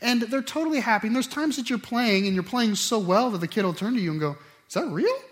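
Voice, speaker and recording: Man preaching, middle-aged, fairly high voice, animated, loud then hushed. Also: fast. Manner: animated, swings from loud emphasis to quiet asides. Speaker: pastor. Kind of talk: sermon.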